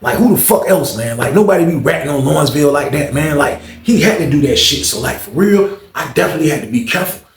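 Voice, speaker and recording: Fast-talking male storyteller, echoey room. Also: a little high, expressive. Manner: slangy, profane, conversational. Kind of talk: storytelling monologue.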